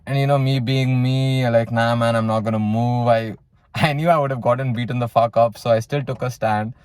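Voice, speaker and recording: Young guy from south india, swears a lot, just chatting his story out, pretty dry sound, mid pitch. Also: steady tone, a little fast, darkish tone, dry recording. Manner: blunt, heavy swearing, many fillers like "you know". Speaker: vlogger telling his story. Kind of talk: casual personal storytelling.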